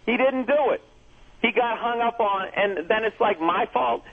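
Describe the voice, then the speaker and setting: A man's voice: high-pitched, moderate pace. A man comedian ranting profanely and defensively in a heated on-air argument, heard over a tinny phone line. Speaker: comedian guest.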